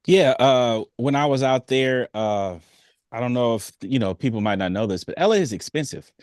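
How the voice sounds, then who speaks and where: A young adult man, a singer, chatting casually in an interview with an easygoing, animated manner. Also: mid-range voice, normal speed, dry recording, studio quality. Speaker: singer, guest.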